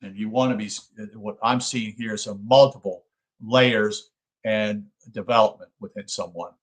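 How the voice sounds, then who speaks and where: A man hosting his own channel, reading a book aloud and stopping to explain it in loose, halting talk full of fillers and restarts. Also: fairly low pitch, steady tone, poor audio. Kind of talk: book reading with spoken commentary.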